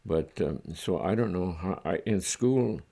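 This older man speaks in a deep, gravelly voice. He remembers his youth in a slow, halting way during an oral history interview. He breaks off now and then with a soft chuckle. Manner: halting, reflective, chuckles softly. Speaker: interviewee recalling his childhood.

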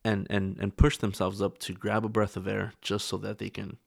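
Gravelly low-voiced man on a podcast. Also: flat delivery, normal speed, dry recording, studio quality. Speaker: podcast co-host. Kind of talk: casual podcast discussion.

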